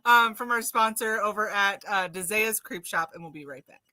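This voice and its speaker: A woman's voice: mid-range voice, normal speed, sharp tone, soft background music. A young woman hosting a casual interview, laughing often as she chats. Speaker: host.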